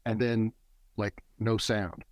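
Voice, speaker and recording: A middle-aged men's work facilitator, appearing as a guest, gives reflective interview talk in an earnest teaching tone that speeds up and slows down. His voice is low-ish and level, the recording dry, made in a warm, quiet spot with a generator running nearby.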